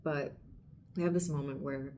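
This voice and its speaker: A woman's voice: a bass voice, steady tone, normal speed, dark tone, slight background noise. A woman hosting a podcast in a casual book discussion. She gushes with emotion, laughs often, and trails off into restarts. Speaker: podcast host.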